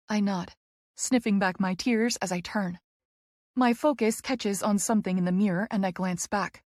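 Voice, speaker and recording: Female audiobook narrator, mid-pitch, emotional first-person read, dry close sound. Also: steady tone, normal speed, darkish tone, no room sound.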